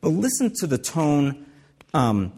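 A man's voice: a little high, huge pitch swings, slow, mellow, breathy edge. Male pastor, casual preaching style with restarts, recorded in a reverberant hall. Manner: conversational preaching with asides and restarts. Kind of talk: sermon.

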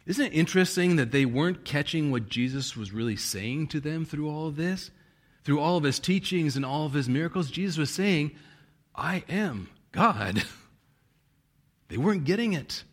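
A man's voice: fairly high pitch, lively intonation, normal speed. A male pastor preaching a sermon, reading scripture with strong emphasis and chuckling now and then.

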